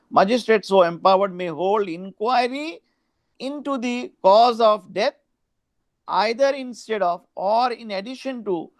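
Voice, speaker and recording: High-voiced Indian man lecturing law. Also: dry recording. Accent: Indian English. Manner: reads statute aloud, mixing in Hindi asides. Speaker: law professor.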